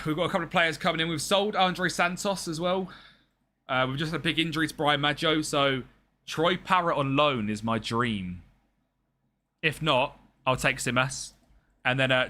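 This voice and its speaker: Young male streamer, bright forward tone, banters with chat while managing a team live. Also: mid-range voice. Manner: chatty and jokey, talks to chat and game players. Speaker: game streamer. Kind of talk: live-stream game commentary chatting with viewers.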